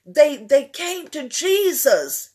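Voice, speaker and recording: Fervent high-voiced woman preaching slowly. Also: very animated, a little mellow. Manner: fervent, repetitive, rising into emotional crying-out. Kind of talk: sermon.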